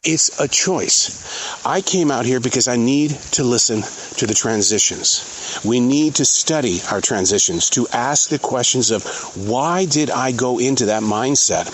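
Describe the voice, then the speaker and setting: A middle-aged man hosting his own show, speaking in an earnest, halting, reflective way while out in a forest. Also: mid-range voice, animated, a little hiss or hum, low-quality recording. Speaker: podcast host. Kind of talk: reflective spoken monologue. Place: outdoors in a forest.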